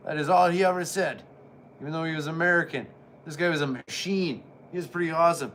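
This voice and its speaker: A man chatting through an old wrestling event, rambling, joking and getting excited. His voice is bright and a little high, with faint noise in the background. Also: fast. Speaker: wrestling reviewer. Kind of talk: casual watch-along commentary.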